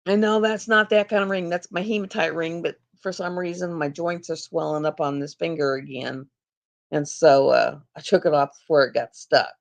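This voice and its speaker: Middle-aged woman hosting a casual livestream. Rambling storyteller who laughs often, with a low, gravelly voice. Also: steady tone, moderate pace. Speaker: livestream host.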